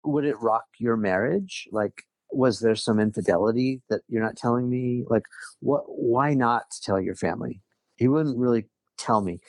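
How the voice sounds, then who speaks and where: A man's voice: mid-range voice, normal speed, darkish tone, dry recording. A middle-aged man telling a personal story in casual conversation, earnest, often restarting his sentences. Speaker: guest.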